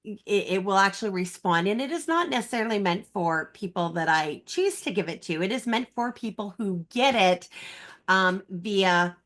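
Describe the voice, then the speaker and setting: Woman host on a zoom call, brisk, practical, just explaining how they do stuff. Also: medium pitch, animated, fairly bright tone. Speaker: workshop host. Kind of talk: casual call talk. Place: video call.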